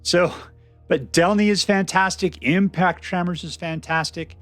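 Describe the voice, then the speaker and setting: A man giving casual, chatty commentary on a card game he is playing, thinking out loud with restarts and bursts of excitement. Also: sits high, a little slow, dry recording, soft background music. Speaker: game streamer. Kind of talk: casual gameplay commentary and deck review.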